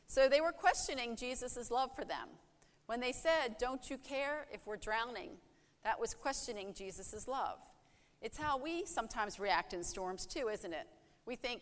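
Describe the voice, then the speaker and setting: A woman's voice: a little high, lively intonation, a little slow, in a large hall. A woman preaching a sermon in an earnest way, asking rhetorical questions and acting out heartfelt prayers.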